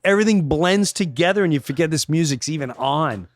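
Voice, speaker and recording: Animated middle-aged man telling stories. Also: fairly high pitch, fairly quick. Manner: animated storyteller, acts out voices and swings loud to quiet. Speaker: podcast guest, comedian. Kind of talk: casual chat.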